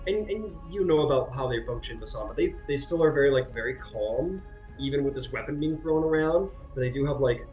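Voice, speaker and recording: A man's voice: medium pitch, darkish tone. A man running a tabletop game as game master, narrating in a rambling way full of fillers and restarts.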